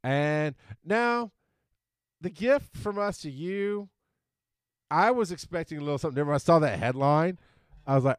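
A man's voice: a little high, brisk, clear, resonant tone, no room sound, studio quality. Rambling male podcast co-host. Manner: rambling, stumbles over words, animated when amused. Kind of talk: casual chat.

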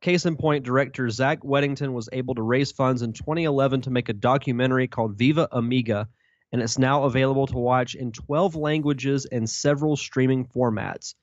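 A man co-hosts a podcast in an easygoing, measured way, moving from chat into reading news. His voice sits in a middle range. The recording is dry and a little dull. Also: medium pitch, dry recording.

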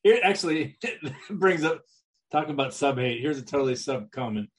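Guy cohosting a podcast, loud teasing jokes, voice goes all over the place. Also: mid-range voice, expressive, moderate pace. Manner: joking, loud teasing outbursts. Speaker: podcast co-host. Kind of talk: casual crude banter.

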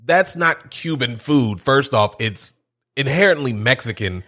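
A man's voice: medium pitch, measured pace. A man casually recapping a movie scene by scene, swearing freely and acting out the characters' lines as he goes. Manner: profane, animated retelling with quoted voices.

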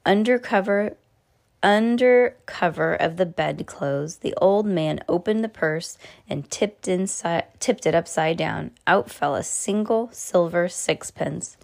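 A woman's voice: on the low side, slow, creaky, darkish tone. A woman hosting a podcast, reading a children's book aloud with chatty, playful asides to a child. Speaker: podcast host reading to kids.

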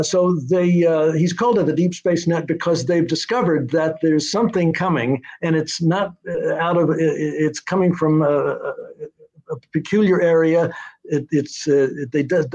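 An older man tells long, winding stories with frequent hesitations. His voice sits somewhat high for a man. The recording sounds muffled and lo-fi. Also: darkish tone. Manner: rambling storyteller, many hesitations. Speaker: guest, TV writer-director. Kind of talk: casual interview chat. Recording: dull lo-fi sound.

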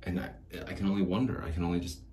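A man's voice: deep voice, fairly even intonation, rapid-fire, warm tone. A man hosting his own podcast alone in a small studio, rambling in a self-deprecating, wistful way. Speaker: podcast host. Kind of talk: rambling solo podcast monologue. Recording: roomy echo, faint background hiss.

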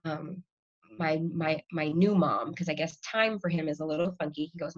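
A woman in her thirties, a guest in a casual conversation, telling stories with laughter and lively quoted voices. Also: low-pitched, normal speed, muffled recording.

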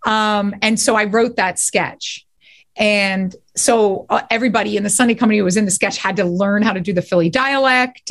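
A woman, a guest actor and writer, telling stories in a casual podcast interview in animated, quick bursts. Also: mid-range voice.

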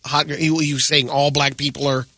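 A man's voice: on the high side, level tone, a little fast, bright, forceful tone, dry recording. A man in casual chat who mostly drops in short, wry interjections.

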